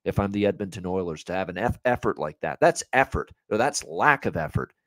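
A man with a fairly low voice launches into a fired-up podcast rant and swears without holding back. He talks casually into a close mic. The sound is dry and dead, with no room around it. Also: expressive, a little fast, fairly bright tone, no room sound. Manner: heated, ranting, swears freely. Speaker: sports betting podcast co-host.

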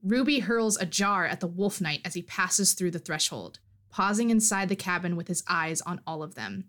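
A woman's voice: lowish voice, animated, moderate pace, a bit bright. A woman co-hosting a podcast, animatedly recapping a fantasy story in casual chat. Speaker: podcast co-host.

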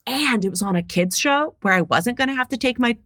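A bright, lively woman from Ohio in her thirties talks as an interview guest, playful and quick to laugh. Her voice is clear and forward, recorded close and dry with no room sound. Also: a little high, dry recording. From Ohio, USA. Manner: animated and playful, laughing often. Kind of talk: casual interview chat.

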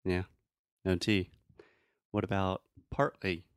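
A man teaching English pronunciation in a relaxed, friendly chat, often demonstrating sounds. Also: low voice, slow pace, clear, resonant tone, no echo, clean studio sound.

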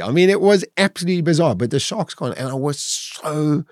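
A man's voice: a little high, lively intonation, fast, few pauses, a little mellow, dry recording, clean studio sound. A middle-aged man, a podcast guest vividly retelling his own ordeal and acting out his inner voice. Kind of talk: dramatic personal storytelling.

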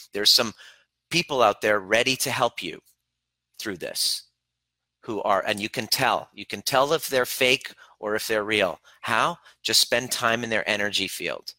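A man's voice: on the low side, bright, forceful tone, no room sound. A man coaching his audience in a live-stream talk, intense and preachy, swearing casually as he urges them on. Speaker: relationship coach.

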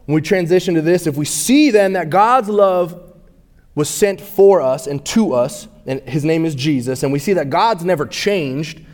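A man's voice: a little high, darkish tone. A young adult man preaching a sermon in a casual, conversational way, calling on the congregation to respond. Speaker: pastor.

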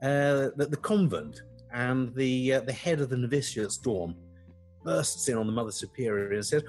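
A man's voice: medium pitch, normal speed, darkish tone, soft background music. A man co-hosting a podcast, chatting in a playful, self-mocking way with stammering restarts. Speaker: podcast co-host. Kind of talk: casual chat.

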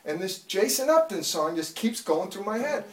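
A man's voice: high voice, very animated, moderate pace, recorded from a distance. Fervent man giving an echoey church testimony. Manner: fervent, builds to loud pleading prayers. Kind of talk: preached testimony.

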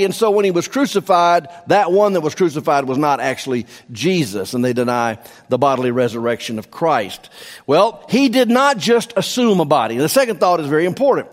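A man preaching a sermon as pastor, emphatic, repeating key phrases for stress. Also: sits high. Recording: long hall reverb.

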